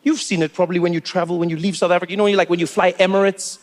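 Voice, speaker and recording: A man doing stand-up comedy, telling stories in an animated, incredulous way. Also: sits high, racing.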